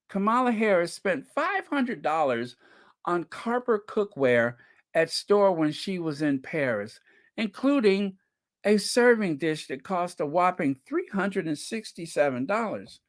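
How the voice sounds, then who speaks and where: A man hosting a commentary channel, talking casually to his viewers with frequent laughter and emphatic asides. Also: a little high.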